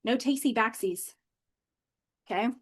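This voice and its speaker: A bubbly woman talks casually to a live stream, her voice sitting a little high. She keeps the tone loose and chatty, tossing in plenty of fillers as she talks from her home office. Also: normal speed. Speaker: manifestation coach.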